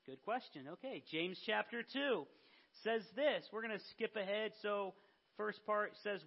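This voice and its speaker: Man preaching, high voice, casual sermon, acts out scripture characters, muffled lo-fi audio. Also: creaky. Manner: conversational, acts out Bible figures in quotes.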